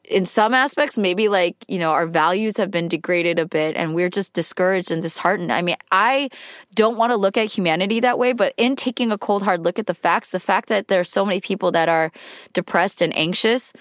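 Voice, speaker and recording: A woman talks in an earnest, rambling way, circling back on her thoughts with lots of "like"s and a voice that turns tearful now and then. Her voice sits a little low for a woman, and the sound is close and dry with no room echo. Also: a little fast. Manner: earnest, rambling, many "like"s, emotional. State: tearful at times. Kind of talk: reflective personal monologue.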